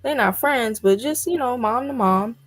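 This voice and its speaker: A woman's voice: on the high side, moderate pace. A woman guest in a casual discussion, talking emphatically with indignant rhetorical questions. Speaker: guest commentator.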